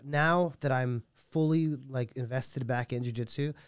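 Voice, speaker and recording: Give me an earnest, rambling coach, a man talking casually on a podcast, mid pitch, dry close sound. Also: unhurried, smooth, dry recording. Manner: rambling, soft-spoken, many restarts; earnest and heartfelt. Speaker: jiu-jitsu coach and guest.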